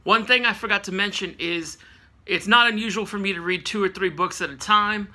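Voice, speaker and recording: A man's voice: high voice, a little fast, bright, forceful tone. A man in his late thirties from California, chatting casually about books he read, rambling with lots of fillers and self-corrections. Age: late 30s. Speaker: book reviewer. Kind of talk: casual book review vlog.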